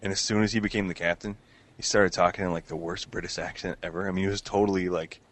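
A man's voice: low-pitched, steady tone, quick pace, a bit bright. A man chatting casually, rambling and laughing, with lots of fillers and restarts. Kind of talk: casual chat.

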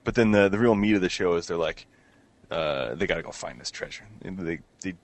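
A man's voice: deep voice, expressive, brisk, no room sound. A man chatting casually, rambling and laughing, with lots of fillers and restarts. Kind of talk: casual chat.

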